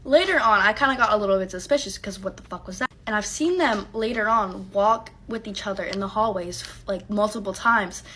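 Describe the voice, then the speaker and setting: A woman's voice: medium pitch, fairly quick, few pauses, noisy background. A young adult woman telling a casual storytime, heated and profane, acting out what she said back then. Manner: heated, profane and emphatic, acting out her own lines.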